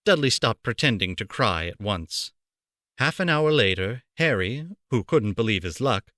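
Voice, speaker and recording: Man narrating a storybook, lively. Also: medium pitch, no echo, studio quality. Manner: animated, playful storytelling. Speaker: amateur voice actor reading aloud.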